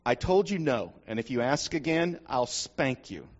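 A man's voice: mid-range voice, lively intonation, normal speed, natural voice. A man playing a curt, fed-up mother. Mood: stern. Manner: curt, firm. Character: stern, fed-up mother at bedtime. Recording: dull lo-fi recording.

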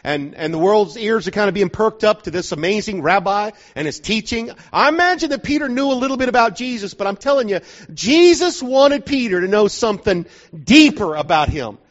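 A man's voice: sits high, animated, fairly quick, few pauses. A man preaching a sermon in a conversational, joking way, often asking the listeners whether they are following, in a dull lo-fi recording from a church hall.

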